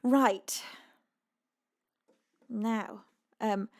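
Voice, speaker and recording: A woman's voice: a little high, fairly even intonation, extremely slow, darkish tone. A young woman from the UK, a singer-songwriter hosting a live stream, chatting casually, giggling often and reading out viewers' messages. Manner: chatty and giggly, reads chat aloud.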